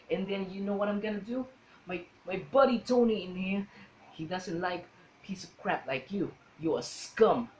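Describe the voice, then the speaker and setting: Man putting on a New York tough guy, brash, threatening, raised voice, higher pitch. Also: slight background noise, close to an everyday voice. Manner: aggressive, swaggering.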